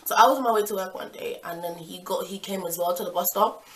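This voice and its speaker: A young woman tells a casual storytime vlog in a chatty, animated way, now and then jumping into loud outbursts. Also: fairly low pitch, quick pace. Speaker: vlogger.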